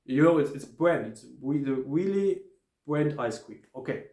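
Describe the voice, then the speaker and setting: A man with a German accent giving a casual spoken hotel review, halting, with many fillers and restarts. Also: medium pitch, expressive, a little mellow, reverberant.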